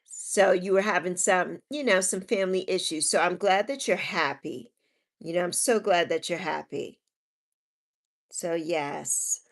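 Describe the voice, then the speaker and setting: A woman's voice: fairly low pitch, unhurried, gravelly. A woman hosting a live stream, chatting casually as she reads viewer comments, affectionate and sympathetic, calling people endearing names and repeating her kind wishes. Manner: sympathetic, repeats herself softly.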